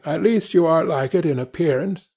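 A man's voice: fairly high pitch, normal speed, darkish tone, breathy edge, pitched above the performer's own voice. A man voicing an anxious, earnest painter who pleads sorrowfully. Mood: pleading.

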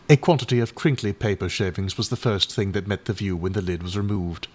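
A man narrates a classic short story as an audiobook reader, his scripted delivery measured and even. His voice is on the low side.

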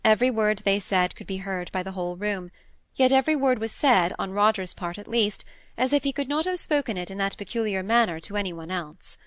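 A woman narrating a classic novel as an audiobook in a measured, even storytelling manner. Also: medium pitch, smooth, no room sound.

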